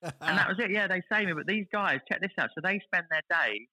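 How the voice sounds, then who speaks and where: Fast, bright, excitable man telling a story. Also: high voice, poor audio. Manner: animated, excitable storyteller who acts out other people's lines. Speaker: guest. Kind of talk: casual chat, telling a story.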